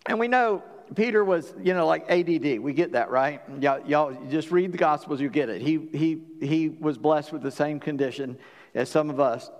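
Pastor preaching in a reverberant hall. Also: male voice, on the high side, moderate pace. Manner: conversational, folksy preaching with repeated restarts. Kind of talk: sermon. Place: church sanctuary.

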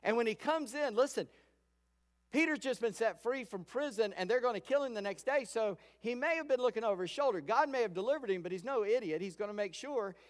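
A pastor giving a sermon in a conversational storytelling way, acting out quoted lines. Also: male voice, very high-pitched, expressive, fairly quick. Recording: long hall reverb.

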